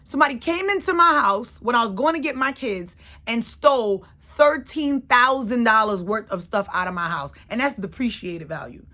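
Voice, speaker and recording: A woman's voice: on the high side, animated, moderate pace, few pauses, sharp tone. A woman in her thirties hosting her own channel, telling a personal story in a casual, emphatic way and repeating phrases for effect. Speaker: channel host.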